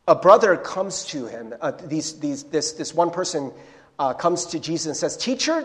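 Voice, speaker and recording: A man preaching a sermon as pastor, conversational and animated, with casual fillers that build into emphatic, insistent points. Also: a little high. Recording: long hall reverb.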